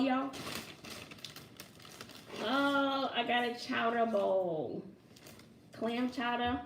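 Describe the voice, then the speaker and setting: A woman's voice: on the high side, extremely slow, pauses often, far from the mic, a little hiss or hum. Giggly woman vlogging in an echoey room. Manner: excited, giggly, talks to viewers as y'all. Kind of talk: casual vlog chat. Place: home room.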